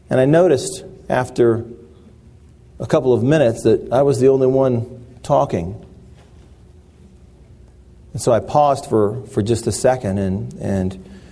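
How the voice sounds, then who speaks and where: A man preaching a sermon in an earnest, halting way, often restarting his phrases. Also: mid-range voice, dark tone.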